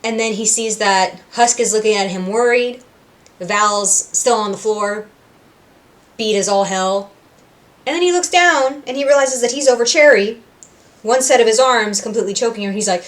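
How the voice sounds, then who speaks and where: A woman hosting a reaction video, casually recapping a cartoon episode with lively retellings, acting out characters' lines and correcting herself as she goes. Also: fairly high pitch, moderate pace. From Puerto Rico. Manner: animated, acting out quotes in voices, self-correcting.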